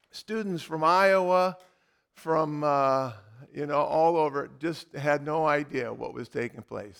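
High-voiced pastor guy, animated sermon storytelling, dramatic. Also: vocal fry.

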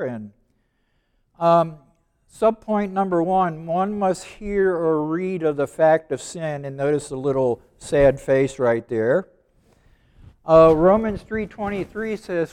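A man in his seventies preaching a sermon, stressing and repeating key words and slowing down when he reads verses aloud. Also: a little high, dark tone. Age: 70s. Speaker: preacher teaching evangelism.

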